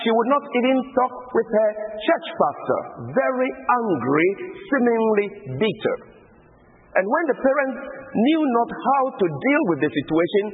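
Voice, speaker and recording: Lively high-voiced pastor on a tinny line. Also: male voice. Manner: earnest storyteller acting out a dialogue. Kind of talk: sermon storytelling. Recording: tinny phone-like sound with long hall reverb.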